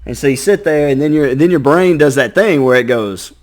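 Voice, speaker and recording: A man's voice: mid-range voice, a little fast, few pauses. A man giving casual reaction commentary, chatty and acting out little inner voices. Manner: chatty, acts out inner voices, repeats himself. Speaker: reaction video host.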